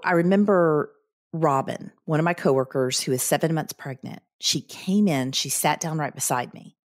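A woman in her fifties speaks as an interview guest, recounting events earnestly and vividly. Her voice sits low. The recording is dry and close, with no room around it. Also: normal speed, no echo. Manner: earnest, vivid recounting with quoted inner thoughts. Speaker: guest, credit union CEO. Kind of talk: personal storytelling in a podcast interview.

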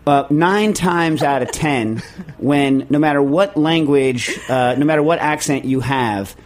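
Guy hosting a podcast, rambly, lots of uh and like, pops up squeaky when worked up, faint noise behind. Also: measured pace. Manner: excitable, jumps to high squeaky outbursts; rambling with many fillers. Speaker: podcast host. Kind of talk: casual chat.

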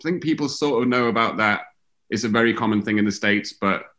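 A man's voice: on the low side, fairly quick, bright, forceful tone. A man, a musician guest on a video call, talking in a rambling, hesitant way full of fillers. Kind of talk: casual conversation.

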